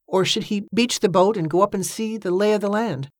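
A woman narrates an audiobook from a script, keeping her storytelling measured and even. She has a medium pitch, and the clean studio recording has no room sound.

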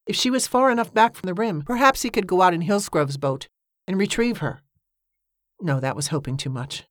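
A woman narrating a story in a measured, steady storytelling manner. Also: on the low side, no echo, clean studio sound. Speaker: audiobook narrator. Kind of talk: scripted narration.

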